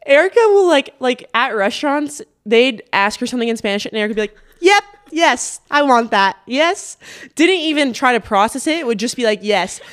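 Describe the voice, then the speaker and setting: A woman's voice: fairly high pitch, quick pace, hardly any pauses. A young woman co-hosting a podcast in casual chat, telling stories animatedly with lots of "like" and quoted voices. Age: young adult. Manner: chatty, full of "like", animated storytelling with quoted voices. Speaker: podcast co-host.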